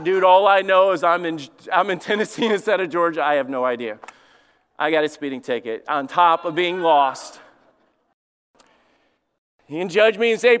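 A middle-aged man preaching a storytelling sermon as lead pastor in a church, animated and poking fun at himself. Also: high voice, smooth. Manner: animated, self-mocking humor. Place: church sanctuary. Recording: long hall reverb.

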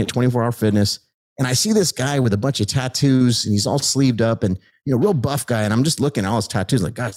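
Excited middle-aged man telling his story. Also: medium pitch. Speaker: guest telling his testimony. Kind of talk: animated storytelling.

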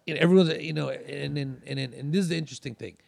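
A man's voice: fairly high pitch, fast talker, creaky, a little mellow, dry recording. A man telling a long story in casual chat, rambling with fillers and restarts.

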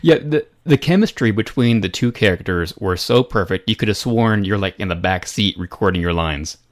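A man's voice: on the low side, moderate pace. A man interviewing a guest, eager, with brief reactions. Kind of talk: interview questions.

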